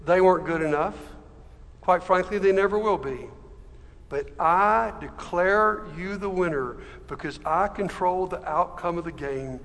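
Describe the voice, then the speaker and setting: A man voicing a gentle heavenly father reassuring a struggling son. The tone is high and calm, with a long reverb from a large hall. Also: measured pace. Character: God the Father, loving and reassuring.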